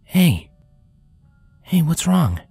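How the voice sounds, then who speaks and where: A man voicing a worried young father who speaks in a soft, soothing way and calls out anxiously. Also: a little high, sing-song, drawn-out words, gravelly, husky, no room sound, soft background music, voice pushed up, full character voice. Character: worried young adult father, gentle and protective. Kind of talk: fanfiction audiobook reading.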